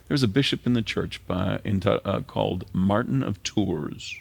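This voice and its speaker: An older male pastor delivers a heartfelt sermon. His voice sits very low and is rough with fry and a husky edge. At key moments he lowers it to a soft, earnest near-whisper. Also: unhurried, few pauses. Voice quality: gravelly, husky voice.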